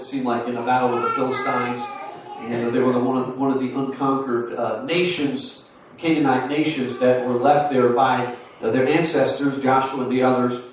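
A man in his forties preaching a sermon in a folksy storytelling way, full of fillers and restarts. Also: medium pitch. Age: 40s. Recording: roomy far-off sound with faint noise.

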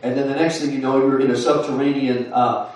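A man's voice: medium pitch, flat delivery, fairly quick, darkish tone. A man in his forties preaching a sermon in a folksy storytelling way, full of fillers and restarts. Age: 40s. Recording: roomy far-off sound with faint noise.

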